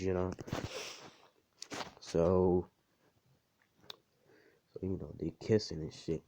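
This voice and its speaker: Young man, deep dark voice, loose profane storytelling, lo-fi. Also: flat delivery, slow, long pauses, slight background noise. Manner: rambling, profane, filler-heavy slang. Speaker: fan storyteller. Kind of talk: casual improvised fan story. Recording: dull lo-fi home recording.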